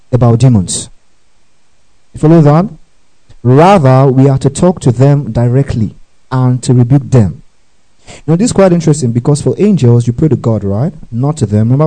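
Male preacher, sermon, call-and-response, repeat-after-me urging, bursts of loud high praise, middle pitch. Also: poor audio. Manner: rising to loud, high exclamations.

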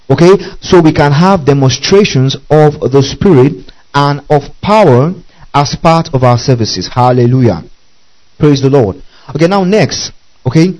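A man's voice: fairly high pitch, a little mellow, rough recording. A male preacher reading scripture aloud and explaining it, repeating key words and often asking "okay?" and telling listeners to underline. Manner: checks in constantly with "okay?" and "underline that". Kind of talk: Bible teaching sermon.

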